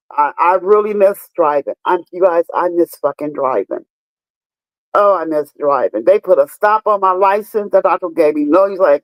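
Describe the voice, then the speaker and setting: This woman in her fifties chats casually on a live stream, speaking straight to her viewers and telling stories emphatically with plenty of swearing. Her voice is medium-pitched and expressive at a moderate pace, in a dry, muffled recording.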